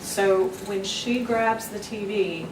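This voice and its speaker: A woman questioning a man, cutting in to slow him down and keep him on track. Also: medium pitch, background noise. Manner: interrupts to slow down and refocus. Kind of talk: questioning, coaching testimony. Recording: echoey room, distant mic, voices behind.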